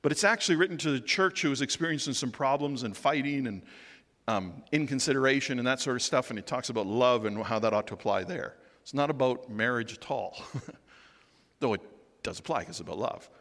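A man preaching a sermon as pastor, conversational and animated, asking rhetorical questions. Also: mid-range voice, a little fast. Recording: long hall reverb.

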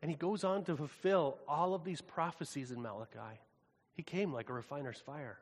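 A man preaching a sermon in a casual, animated, conversational way. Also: fairly high pitch, normal speed. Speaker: pastor. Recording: long hall reverb.

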